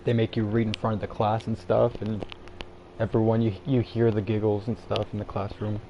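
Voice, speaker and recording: A man's voice: fairly low pitch, completely flat delivery, fairly quick, muffled recording, noisy background. A man from Canada with a Canadian English accent, chatting casually on his livestream. He rambles, cuts himself off and laughs at himself. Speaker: livestream host.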